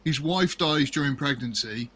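A man's voice: medium pitch, normal speed, a bit bright. A man co-hosting a casual movie chat on a live stream, rambling and hesitant with lots of ums. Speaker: podcast co-host.

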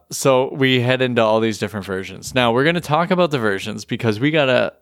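A man's voice: mid-range voice, brisk, creaky, few pauses, no room sound. Male co-host, chatty and joking, dry close recording. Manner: chatty, joking, plays song clips. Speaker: podcast co-host. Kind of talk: casual chat.

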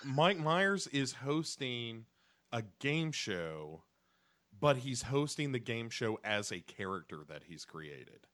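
A man's voice: medium pitch, sing-song, slow pace, fairly bright tone. A man co-hosting a podcast, chatting casually and crudely with jokes and film quotes. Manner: joking, quoting films. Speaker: podcast co-host.

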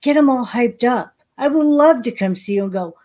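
A woman's voice: on the high side, lively intonation, normal speed, a little mellow. An older woman, a veteran, who tells stories chattily as a podcast guest and calls people honey. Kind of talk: casual interview storytelling.

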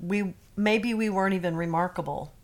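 A woman's voice: mid-range voice, normal speed. A woman co-hosting a podcast from her bedroom, chatting and telling stories in an easygoing way. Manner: chatty, storytelling. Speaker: podcast co-host. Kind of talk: casual chat. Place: bedroom at home.

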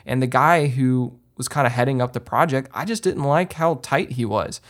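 A man hosting a podcast, giving casual how-to advice in an emphatic way, with lots of ums and restarts. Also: normal speed. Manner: lively swings up in pitch when stressing a point. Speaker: podcast host and filmmaker. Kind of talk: casual instructional talk.

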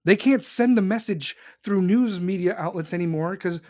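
A man's voice: sits high, moderate pace, a little mellow, dry recording, studio quality. A young man hosting a show, ranting angrily and profanely about politics, heated and emphatic. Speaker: podcast host. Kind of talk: angry political rant.

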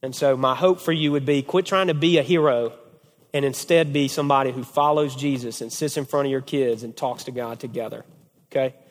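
A man's voice: mid-range voice, brisk, big-room sound. A man who is a family pastor, preaching to a group of men, telling stories with energy and often checking in with "okay?". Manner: animated storytelling, repeated "okay?". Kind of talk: sermon to a men's group.

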